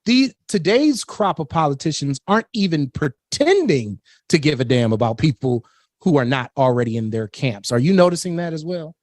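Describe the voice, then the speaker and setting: A man's voice: on the high side, sing-song, moderate pace, a little mellow, dry recording, studio quality. A man hosting a political talk radio show, blunt and opinionated, laughing between his points.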